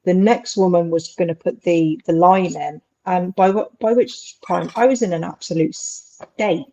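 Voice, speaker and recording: A woman's voice: on the low side, measured pace, mellow. A woman chatting casually, rambling with many fillers. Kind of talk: casual chat. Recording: dull lo-fi sound.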